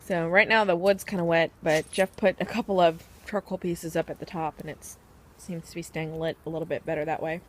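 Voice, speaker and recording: A woman's voice: fairly low pitch, steady tone, brisk, slight background noise. A woman vlogging in a casual, chatty way, laughing often as she talks. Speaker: beauty vlogger. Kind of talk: casual vlog chat.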